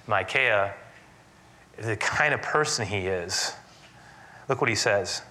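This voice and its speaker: A man preaching a sermon, retelling scripture in an animated, dramatic storytelling manner. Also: lowish voice, slow, long pauses.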